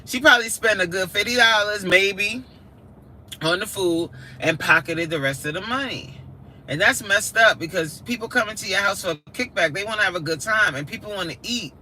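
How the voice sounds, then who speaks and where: A woman's voice: mid-range voice, moderate pace. Chatty woman live-streaming from her car. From New York. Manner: chatty, slangy, laughs often. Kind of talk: casual chat while driving. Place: inside a car in snowy weather. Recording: loud car road noise. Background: vehicle engine and road noise.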